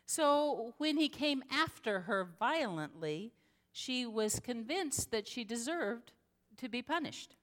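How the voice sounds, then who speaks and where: A woman pastor preaching a sermon, telling a story slowly and earnestly with dramatic pauses. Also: fairly high pitch, lively intonation, fairly bright tone. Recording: long hall reverb.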